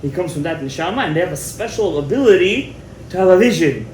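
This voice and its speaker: A man's voice: sits high, lively intonation, fast, darkish tone, a little hiss or hum. A man teaching a Torah class as a rabbi, retelling a story dramatically, repeating words and mixing in Hebrew terms. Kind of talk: animated storytelling lecture.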